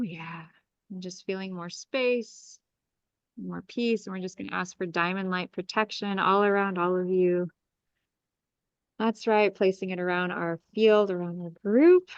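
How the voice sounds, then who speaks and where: Woman leading a soothing energy clearing. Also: mid-range voice, no room sound, highs cut off. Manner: soothing, commanding incantations. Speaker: astrologer leading a group healing. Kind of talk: guided energy clearing meditation.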